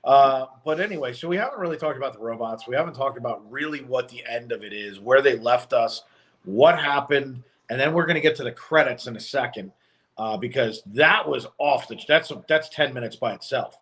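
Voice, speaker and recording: A man from the New York area co-hosting a casual live stream, talking in an animated, rambling way. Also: medium pitch, brisk. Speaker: co-host.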